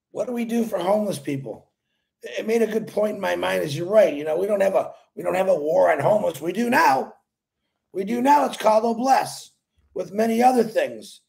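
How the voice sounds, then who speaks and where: A man's voice: sits high, creaky, a little mellow. A man hosting a casual live stream, greeting viewers by name, laughing often and repeating his points with emphasis. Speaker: livestream host.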